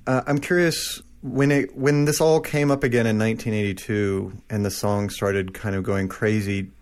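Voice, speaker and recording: A man host asking interview questions in a soft-spoken way, with fillers. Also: on the low side, fairly even intonation, normal speed.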